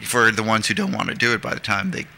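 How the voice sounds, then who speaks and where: A man being interviewed as a filmmaker rambles through his anecdotes, with plenty of ums and asides. His voice is low and gravelly but bright in tone, with a faint hiss behind it. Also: fairly even intonation, quick pace. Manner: rambling, with many fillers. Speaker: guest filmmaker. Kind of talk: casual interview storytelling.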